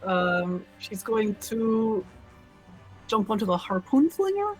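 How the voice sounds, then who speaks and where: A woman playing a tabletop game, speaking in a slow, unsure way. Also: medium pitch, very animated, soft background music, rough recording. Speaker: player. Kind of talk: casual tabletop play.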